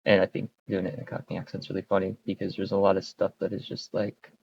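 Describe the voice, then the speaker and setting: Man, gravelly voice, flat delivery, thinking aloud, close dull lo-fi mic. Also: low-pitched, a little hiss or hum. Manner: muttering, wry, halting. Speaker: streamer coding on screen. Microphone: close desk mic.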